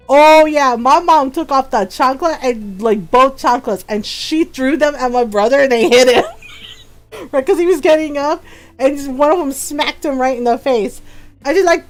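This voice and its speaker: High-voiced woman telling a lively story. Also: unhurried, soft background music. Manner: animated, laughing, acting out quoted voices. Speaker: streamer. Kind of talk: casual storytelling while gaming.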